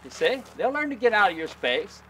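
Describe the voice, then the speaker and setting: Man, mule trainer, folksy coaching tone, high voice, outdoor training demo. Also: sing-song, fairly quick, fairly bright tone, a little hiss or hum. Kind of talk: hands-on training demonstration.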